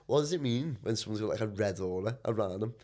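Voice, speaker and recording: A man's voice: fairly low pitch, expressive, fast talker, a little mellow. A man talking as a guest on a podcast about his coaching work, rambling loosely with plenty of fillers and swearing. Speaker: guest, mind and body coach. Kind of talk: casual podcast chat.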